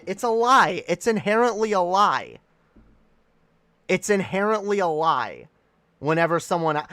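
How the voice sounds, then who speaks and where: A male streamer giving a loud, profane comedic rant, repeating himself for emphasis. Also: fairly high pitch, dry recording.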